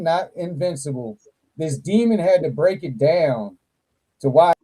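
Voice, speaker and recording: A man hosting a casual livestream chat, with a slow, unhurried delivery. His tone is very dark and mellow, even when he gets animated. He swears freely and breaks into laughter often. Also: on the high side, poor audio. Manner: animated, profane, laughs a lot, slow drawl. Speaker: toy channel livestream host.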